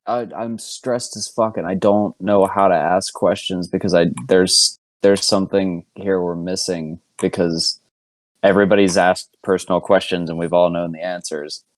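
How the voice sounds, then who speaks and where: A man's voice: low voice, steady tone, normal speed, dry recording. A man playing a tabletop game, hesitant and stressed, swearing often as he thinks aloud. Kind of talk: casual game chat.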